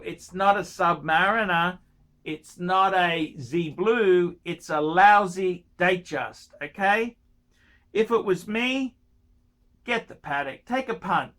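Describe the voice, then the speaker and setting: A man's voice: high-pitched, pushed and bright. A man giving watch-buying advice in a casual rant, pushy and pleading, repeating himself and throwing in crude jokes.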